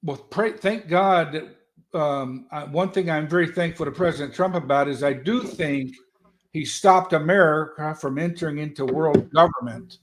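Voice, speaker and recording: A man telling stories as a guest in an animated, folksy, loud way. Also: fairly high pitch, normal speed, slight background noise. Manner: animated, folksy storyteller who talks loud. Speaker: guest, political strategist. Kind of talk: casual motivational talk.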